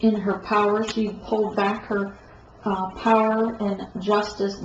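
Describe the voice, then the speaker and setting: A woman's voice: medium pitch, darkish tone. Stuffed-up woman reading tarot cards. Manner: meandering, halting, self-correcting. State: stuffed-up nose. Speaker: tarot reader. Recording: echoey room, dull lo-fi sound, faint noise.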